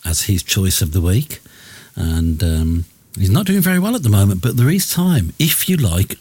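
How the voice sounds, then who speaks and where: Chatty male radio host, low husky voice, jokey and self-mocking. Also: a little mellow, no room sound. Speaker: radio presenter. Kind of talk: late-night radio show link.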